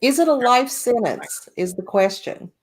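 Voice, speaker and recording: A woman's voice: on the high side, lively intonation. Emphatic woman podcast host. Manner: storytelling, speeds up and slows down, emphatic. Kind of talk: casual spiritual podcast talk.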